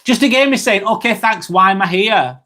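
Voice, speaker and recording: A man's voice: high voice, brisk, bright, forceful tone. A man hosting a live stream, reading viewers' comments aloud and chatting back in a casual, rambling way. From England.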